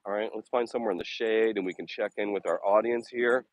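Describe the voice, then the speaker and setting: A vlogger out walking his dogs on a city path streams live, talking fast in a lowish voice with fairly even intonation. Blunt and casual, he's sarcastic and swears a lot. No echo is present.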